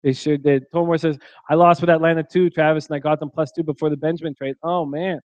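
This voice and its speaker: A man with a fairly high voice hosts a late-night betting stream and reads out the chat. He jokes crudely and laughs often. The sound is dry and close, with no room echo. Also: level tone, quick pace, lo-fi sound. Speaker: sports betting show host. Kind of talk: live-stream chat reading. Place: hotel room.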